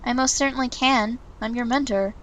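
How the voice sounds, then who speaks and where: A woman voicing a stern young male mentor in a visual novel, reading his lines in a measured, slightly lowered voice. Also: steady tone, a bit bright, lightly acted. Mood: firm.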